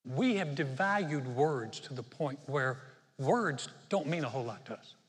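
A man preaching a sermon in an animated way, acting out prayers and quotes as he goes. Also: mid-range voice, moderate pace. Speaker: pastor. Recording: long church reverb.

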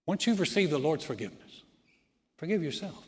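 A man's voice: on the high side, big pitch swings, brisk, breathy edge, in a large hall. A man preaching a sermon as pastor, folksy and direct as he tells a story.

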